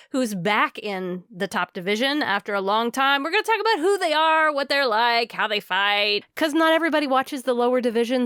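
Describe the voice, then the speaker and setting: A woman's voice: on the high side, a bit bright, smooth, no room sound, clean studio sound. A Texan woman co-hosting a podcast in casual chat, bubbly and upbeat, recorded in a small closet. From Texas. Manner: bubbly, reads listener reviews aloud. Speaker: podcast co-host.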